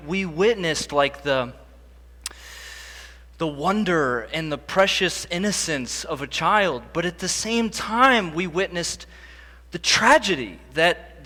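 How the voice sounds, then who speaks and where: A man's voice: sits high, bright, forceful tone. Young man telling a story in a hall. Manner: conversational, self-deprecating humor. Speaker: conference speaker. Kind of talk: storytelling keynote talk. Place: large conference hall. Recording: long hall reverb.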